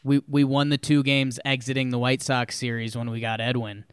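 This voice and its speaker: A man's voice: mid-range voice, level tone, normal speed, clear, resonant tone, dry recording, clean studio sound. A man co-hosting a podcast in casual sports chat, emphatic and talking in long run-on sentences. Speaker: podcast co-host.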